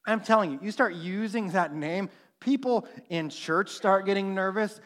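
Young guy preaching, high bright voice, acts out the quotes, gets real quiet on the big points. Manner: animated storytelling, acting out quotes, dropping to a hush for emphasis. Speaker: pastor. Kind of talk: sermon.

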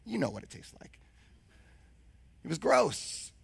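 A male pastor preaching a sermon with a hoarse, husky voice, since he has lost his voice, and asking the congregation questions. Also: a little high, wildly swooping pitch, unhurried, no room sound.

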